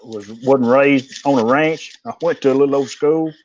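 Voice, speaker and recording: A man's voice: mid-range voice, normal speed, darkish tone. Laid-back Texan man, dull lo-fi audio. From East Texas. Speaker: panelist. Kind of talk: casual live-stream chat.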